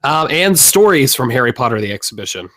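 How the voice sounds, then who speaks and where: A man's voice: medium pitch, very animated, fairly quick, sharp tone, no echo. Joking male podcast co-host. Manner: joking, punning. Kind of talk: casual chat.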